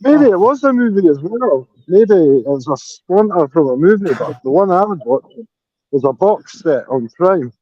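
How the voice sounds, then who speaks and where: A man's voice: sits high, expressive, moderate pace, no echo, dull audio. A man with an Edinburgh Scottish accent chatting casually on an online voice call through headphones, swearing now and then. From Scotland. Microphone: new headphones, holding phone.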